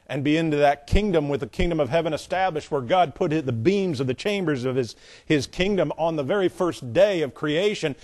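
A man teaching a Bible lesson at a board, relaxed and conversational, with joking asides. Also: medium pitch. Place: room with a board.

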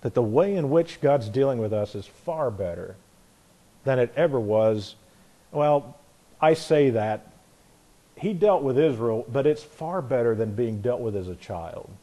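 A man's voice: medium pitch, expressive, a little slow, dark tone. A middle-aged man teaching an informal Bible class, earnest and conversational, often restarting his sentences.

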